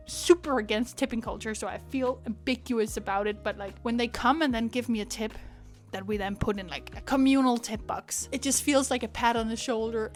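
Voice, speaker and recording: A young woman, chatting casually to her vlog audience in an animated way, full of filler words. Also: a little high. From Denmark. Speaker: vlogger.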